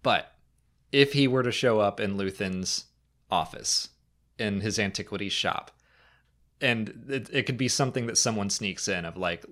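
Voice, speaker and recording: A man co-hosting a casual fan podcast, talking through questions and often slipping into quick, playful impressions. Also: fairly low pitch. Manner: animated, jumps into funny impressions. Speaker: podcast co-host.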